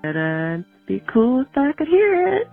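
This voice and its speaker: A woman's voice: high-pitched, wildly swooping pitch, moderate pace, slightly rough, faint music behind. A woman leaving a friendly, hesitant voicemail for a podcast host. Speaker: caller. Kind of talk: phone voicemail. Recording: tinny phone line.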